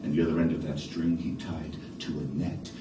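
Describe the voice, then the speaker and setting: A middle-aged man from New York City telling a story theatrically on a live stage, dropping to hushed tones and rising to loud ones. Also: very deep voice, normal speed. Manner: dramatic, animated, shifts between hushed and loud. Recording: echoey stage from far off with noise.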